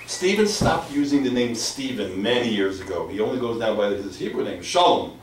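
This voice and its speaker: A man, a rabbi, giving an animated storytelling lecture, mixing in Hebrew and Yiddish terms and hammering his points home by repeating them. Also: medium pitch, moderate pace. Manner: emphatic, repeats key phrases. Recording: echoey hall from far off, faint noise.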